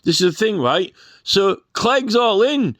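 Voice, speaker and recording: A man's voice: high-pitched, big pitch swings, measured pace, fairly bright tone, dry recording, clean studio sound. A man delivering a sarcastic, profane, rambling rant as a vlogger. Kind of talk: ranting monologue.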